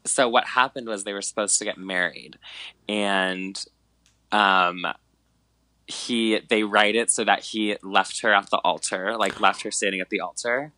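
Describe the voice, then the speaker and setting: A young man in casual podcast chat, retelling events with big animated emphasis and constant filler words. His voice sits a bit low but carries a bright, forward tone. The recording is close and dry. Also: a little slow, no echo, rough recording. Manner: animated storyteller, many fillers like "like" and "um", dramatic retellings.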